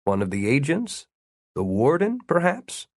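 A man's voice: on the high side, huge pitch swings, a little slow, creaky, no echo. Male audiobook narrator, dry close sound. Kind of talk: scripted narration.

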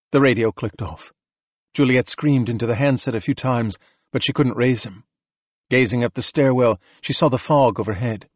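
Guy narrating an audiobook, steady even read, super dry close sound. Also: medium pitch, normal speed, dry recording. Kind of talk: scripted narration.

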